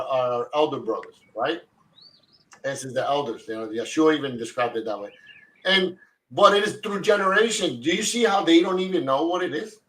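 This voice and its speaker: A man's voice: fairly high pitch, a bit bright, rough recording. A man hosting a live online Torah study, talking fervently in a casual way and often repeating himself. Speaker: host of a Torah study broadcast. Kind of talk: casual Bible study discussion.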